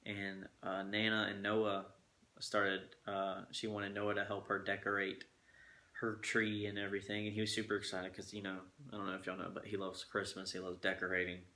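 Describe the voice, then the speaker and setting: A man's voice: on the low side, completely flat delivery, moderate pace, pushed and bright. A young man, casually chatting to his viewers from his living room, rambling with laid-back asides. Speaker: vlogger. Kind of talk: casual chat to camera.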